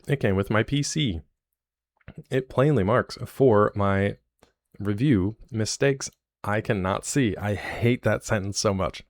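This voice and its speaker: Male streamer, deep voice, joking and rambling with chat, dry close mic. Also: dry recording. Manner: chatty, jokey, rambling asides to chat. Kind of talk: live stream chat with viewers.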